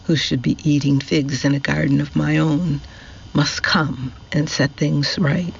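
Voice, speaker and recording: A cold, menacing old woman, as a male narrator puts her on, drawling her words slowly with a gravelly catch. The sound is dull and lo-fi with a faint hiss. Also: a little high, flat delivery, heavily acted.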